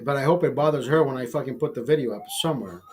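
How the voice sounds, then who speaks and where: A man's voice: mid-range voice, rapid-fire, a little hiss or hum. A man hosting a livestream, telling a crude, bitter story with heavy swearing. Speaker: livestream host. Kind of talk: profane storytelling rant.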